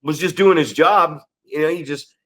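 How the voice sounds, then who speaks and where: A man's voice: fairly high pitch, moderate pace, a bit bright. A man co-hosting a podcast, telling a story in a casual, profane, rambling way and often checking in with "right?". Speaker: podcast co-host and pro wrestler.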